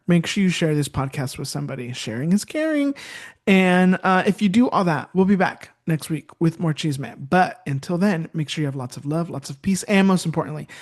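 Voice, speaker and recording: A man's voice: a little high, a little mellow. A man co-hosting a podcast, wrapping up the episode in an upbeat, playful way. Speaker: podcast co-host. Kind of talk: podcast sign-off.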